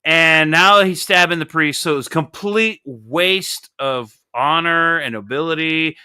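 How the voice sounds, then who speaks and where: Young guy ranting about comics, swears a lot, bright crisp voice, a bit high. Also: measured pace. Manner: animated, profane, joking. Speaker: comic book review host. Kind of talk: casual podcast chat.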